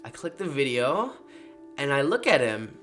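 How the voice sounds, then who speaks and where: A man retelling a personal setback in a loose, animated vlog voice, full of slang and dramatic turns. His pitch sits in the middle for a man. Faint music plays softly under his talk. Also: moderate pace. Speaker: freelance marketing creator. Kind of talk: casual storytelling vlog.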